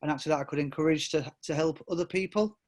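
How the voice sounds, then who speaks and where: A man's voice: fairly high pitch, steady tone, fast, a little mellow. A middle-aged man from England, a podcast guest telling stories casually, rambling with many restarts and often laughing. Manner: rambling, self-interrupting with many restarts and fillers. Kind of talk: casual storytelling interview.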